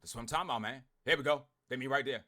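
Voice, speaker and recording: A man's voice: mid-range voice, very fast. Swearing, fired-up man ranting. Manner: blunt, swearing, repeats himself and swings from loud to muttered. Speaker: online group leader. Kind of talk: heated profane rant to followers.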